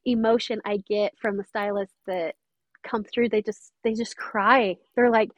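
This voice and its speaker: A woman's voice: medium pitch, steady tone, unhurried, no echo, dull audio. A woman mentor talking earnestly and emphatically in an interview. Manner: earnest, emphatic, quotes others often. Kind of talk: interview conversation.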